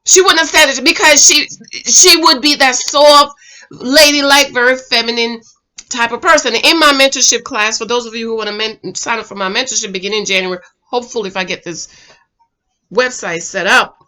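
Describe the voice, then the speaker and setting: A woman's voice: fairly high pitch, moderate pace, sharp tone. A woman reviewing a dating show in an emphatic, chatty way, calling her viewers girl and ladies. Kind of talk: animated casual commentary. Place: home.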